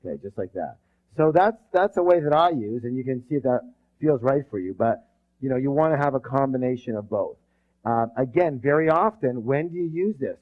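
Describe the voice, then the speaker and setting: A man giving a live leadership seminar, lively and calling on the audience to answer back. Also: mid-range voice, a little fast, phone-quality sound. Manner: energetic, quizzes the audience with call-and-response.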